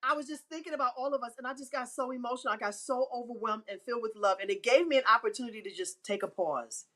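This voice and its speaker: A woman's voice: fast talker, pushed and bright. A woman speaking as an inspirational speaker in a faith-filled motivational talk, emphatic and repeating phrases for effect. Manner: acts out quotes with pitch swings.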